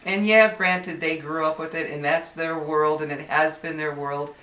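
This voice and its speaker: A woman's voice: low-pitched, fairly even intonation, moderate pace, fairly bright tone. An older woman with grandchildren talks to her viewers in a rambling, exasperated vlog, often stopping and restarting her sentences. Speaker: YouTuber. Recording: roomy echo, distant mic.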